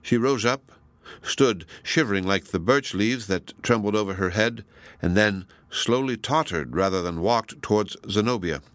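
A man narrates a classic novel in a measured, deliberate reading. His voice sits low. The sound is dry and close, with no room around it. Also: a bit bright, dry recording. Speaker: audiobook reader. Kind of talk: scripted narration.

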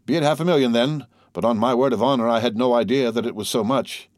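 A man's voice: mid-range voice, fast, darkish tone, dry recording, clean studio sound, voice pushed up, close to an everyday voice. A man reading the part of a timid, fawning old Italian ex-major in an audiobook, with a hesitant, eager manner. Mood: eager, anxious.

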